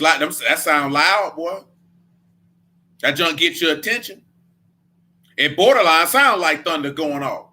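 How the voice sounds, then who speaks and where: Blunt, bright-voiced man teaching scripture. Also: high voice. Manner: blunt, emphatic, slangy. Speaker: Bible study teacher. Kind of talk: casual Bible study preaching.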